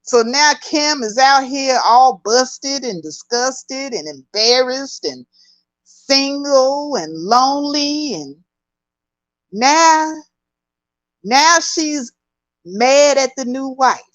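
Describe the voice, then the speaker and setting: A woman hosting a casual gossip commentary, talking in an emphatic, chatty, drawn-out way. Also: sits high, animated, no echo, poor audio. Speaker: host.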